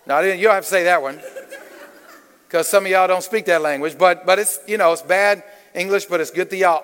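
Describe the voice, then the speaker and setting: A man's voice: extremely high pitch, fairly quick, a bit bright, long reverb tail. A man preaching to a congregation as a guest speaker, playful and engaging, questioning the crowd and drawing responses. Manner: playful, calls on the congregation, Southern "y'all". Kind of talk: lively interactive sermon. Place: church.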